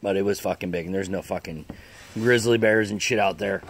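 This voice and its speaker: A man's voice: fairly low pitch, a little fast. A man telling a rambling, profane story in a casual vlog, full of fillers and swearing. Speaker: storyteller vlogger.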